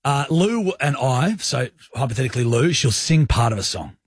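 A man with an Australian accent hosting a radio show, telling stories with lively, acted-out quotes. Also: mid-range voice, normal speed, slightly rough, dry recording, clean studio sound. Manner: animated storyteller, acts out his own lines. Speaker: radio host. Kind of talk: radio breakfast-show banter. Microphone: studio microphone.

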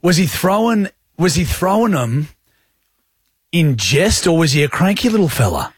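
Husky, lively man on radio. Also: on the high side, normal speed, no echo, studio quality. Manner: jokey quips, teasing banter. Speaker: radio co-host. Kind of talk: casual chat. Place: radio studio. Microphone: studio microphone.

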